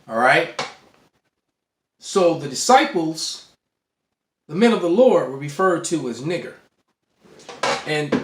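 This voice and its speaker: A man's voice: fairly high pitch, noisy background. A man teaching to a camera in a casual way, often restarting words and checking in with "all right". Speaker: bible teacher. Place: indoor room. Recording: roomy echo.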